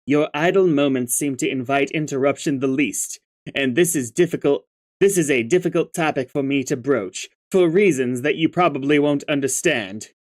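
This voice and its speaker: A reader voicing a prim, formal young female troll who speaks in a measured, genteel way. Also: mid-range voice, close to an everyday voice. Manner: measured, genteel, says "I do declare".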